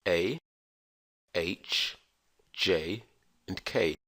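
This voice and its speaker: A man with a very low, gravelly voice leads a scripted pronunciation lesson. He talks slowly and enunciates every letter and sound with care. The recording is dry and close. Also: fairly bright tone, no echo. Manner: slow, careful, enunciated delivery. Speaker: English teacher.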